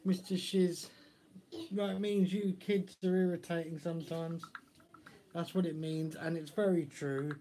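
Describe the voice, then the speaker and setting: Man, live-stream host, playful teasing banter, relaxed chat. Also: on the high side, measured pace. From Essex, England. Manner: teasing, jokey banter with his kid.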